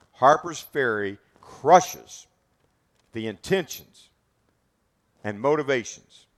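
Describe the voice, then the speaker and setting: A man's voice: mid-range voice, fairly bright tone. A man leading a group through a history talk at a historic site outdoors, dramatic and emphatic, firing rhetorical questions at his listeners. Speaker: battlefield tour guide.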